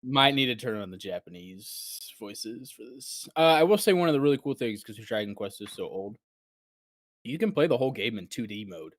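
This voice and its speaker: A man's voice: mid-range voice, expressive, brisk, no echo. Guy rambling on a podcast, lots of restarts, dry close mic. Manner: rambling, many restarts, acts out his own reactions. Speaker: podcast co-host. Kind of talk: casual chat.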